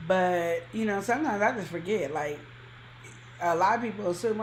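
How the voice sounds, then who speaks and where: A woman's voice: medium pitch, normal speed, echoey room, a little hiss or hum, low-quality recording. A woman co-hosting a podcast, giving emphatic, colloquial relationship advice in casual chat. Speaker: podcast co-host.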